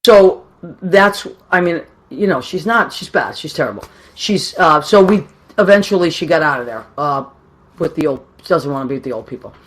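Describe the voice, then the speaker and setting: A woman tells a family story. She talks in a chatty, animated, self-mocking way and keeps adding asides. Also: on the low side. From Boston, USA. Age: 50s. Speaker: granddaughter telling a tribute story. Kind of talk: casual storytelling.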